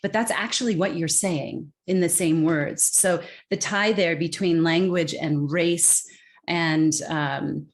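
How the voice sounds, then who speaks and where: Emphatic American woman, lowish voice. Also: slow. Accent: General American. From California. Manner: emphatic, acts out quoted voices. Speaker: guest expert. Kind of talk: conversational interview.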